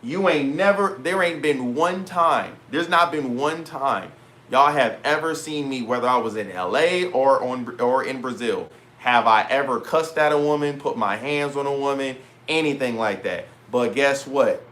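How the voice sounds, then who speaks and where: A man's voice: medium pitch, measured pace. Slangy young man ranting to camera. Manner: animated, slangy, swears, retells dialogue in quoted voices. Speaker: vlogger. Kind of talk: casual storytelling rant to camera.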